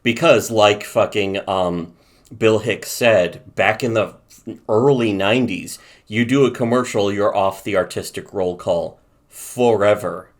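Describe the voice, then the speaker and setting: Low-voiced ranting man. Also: measured pace. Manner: profane, ranting, reads from notes. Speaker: podcast co-host. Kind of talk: casual commentary chat.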